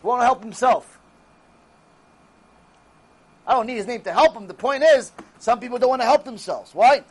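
A man's voice: very high-pitched, normal speed. A man giving a Torah lecture as a religious teacher, speaking emphatically and answering his own rhetorical questions.

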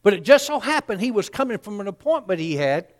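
A man's voice: high voice, big pitch swings, fast talker, long reverb tail. A man, preaching a sermon in a folksy storytelling way and acting out the people in his story.

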